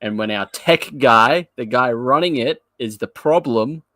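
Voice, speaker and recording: A man's voice: mid-range voice, a little slow, sharp tone, no room sound. A man co-hosting a live review show in a loose, chatty way. His voice sits in a middle range and the sound is dry and close. He rambles and laughs as he goes. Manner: jokey, laughs often, rambling. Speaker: podcast co-host. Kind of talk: casual live review chat.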